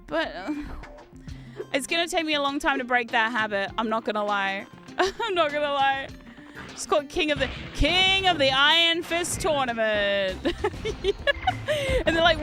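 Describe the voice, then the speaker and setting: Giggly high-voiced woman streamer, music behind. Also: moderate pace. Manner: rambling, giggly, animated outbursts. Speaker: VTuber streamer. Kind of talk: casual chat while streaming retro games.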